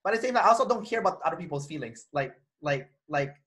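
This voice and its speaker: A man speaking quickly in a somewhat high voice, animated as he recounts a personal story to his interviewer. He acts out the lines of the people in the story, stumbling and restarting as he rushes ahead. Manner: animated, acts out quoted dialogue, frequent restarts. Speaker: interview guest. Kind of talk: casual conversational storytelling.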